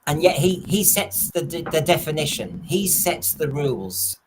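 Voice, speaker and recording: Male podcast panelist, dry and wry; steady background noise. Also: on the high side, normal speed. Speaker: podcast co-host. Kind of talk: casual panel discussion.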